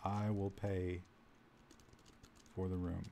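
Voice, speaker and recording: A man voicing the player's adventurer in a text game, dropping to a slow, flat, deadpan delivery. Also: low voice, gravelly, slight background noise, pitched below the performer's own voice, exaggerated voice.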